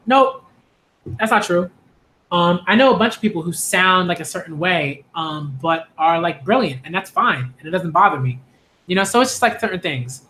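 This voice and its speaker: Here the Hollis, Queens native speaks at a moderate pace with a high, sharp-toned voice. As an anime and manga video host, the young man rambles casually to camera, restarting often and leaning on "like" and "um."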